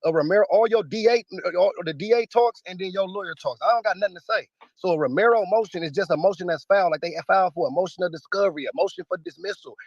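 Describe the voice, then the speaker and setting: A man's voice: high-pitched, fast talker, hardly any pauses, no room sound, lo-fi sound. A man speaking in a heated interview, combative, emphatic and profane. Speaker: battle rapper interviewee.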